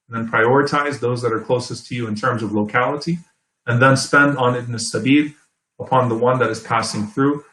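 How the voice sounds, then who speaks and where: A man giving an Islamic sermon in a conversational, explanatory way, often checking in with "okay?" and "right?" and reciting Arabic verses quickly. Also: medium pitch, a bit bright, roomy sound, rough recording. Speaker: Islamic preacher. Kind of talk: sermon lecture.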